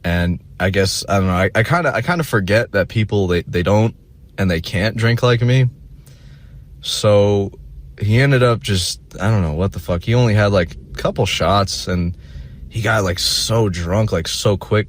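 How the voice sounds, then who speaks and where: A man's voice: low voice, no echo. A young man telling a rambling, self-deprecating story in a casual vlog monologue, full of fillers and restarts.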